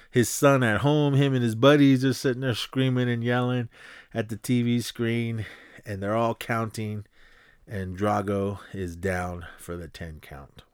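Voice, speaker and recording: A man hosting a podcast, casually retelling a movie fight with punch sound effects and quick impressions of the characters. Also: on the low side, smooth, dry recording, studio quality. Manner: animated, acts out punches with sound effects and quoted lines. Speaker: podcast host.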